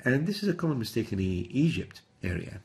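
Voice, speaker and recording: A man's voice: medium pitch, very animated, brisk, vocal fry, darkish tone. A middle-aged man teaching Quran recitation in a methodical lesson, repeating example words to demonstrate each sound. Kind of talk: instructional lesson.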